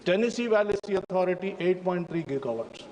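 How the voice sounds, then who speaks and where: An Indian man with a high-pitched voice delivers a forceful parliamentary speech, turning to the chair again and again with a respectful "sir". His voice rings out across a large chamber with a long reverb tail. A faint hum of room noise sits under it. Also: animated, fairly quick. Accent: Indian English. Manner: emphatic, repeatedly addresses the chair as sir. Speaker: member of parliament. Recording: reverberant chamber broadcast feed.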